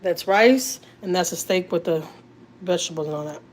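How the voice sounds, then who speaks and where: A woman with a Texan accent chatting casually on a family live stream, animated and repeating herself as she talks while holding a phone in her kitchen. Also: fairly low pitch, normal speed. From Houston, Texas. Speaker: family vlogger. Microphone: handheld phone.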